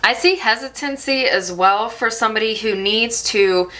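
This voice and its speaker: A woman giving a channeled tarot reading to her viewers in a soft, reassuring, reflective way. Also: a little high, moderate pace. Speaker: tarot reader.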